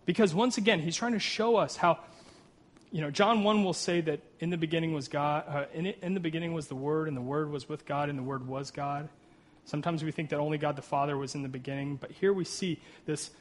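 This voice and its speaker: A man preaching a sermon, earnest, reading scripture aloud and tossing in "right?" asides and self-deprecating jokes. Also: fairly high pitch. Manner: reads scripture aloud with rising emphasis. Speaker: pastor.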